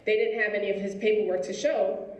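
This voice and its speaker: A woman's voice: mid-range voice, fast, distant mic. Storytelling woman speaker in an echoey hall. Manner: lively storytelling, acts out quoted people. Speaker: school principal giving a speech. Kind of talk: motivational speech. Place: school auditorium.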